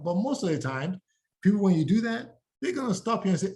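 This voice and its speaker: Energetic man coaching real estate agents. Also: fast talker. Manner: energetic, acts out sample pitches. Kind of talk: live training talk to agents.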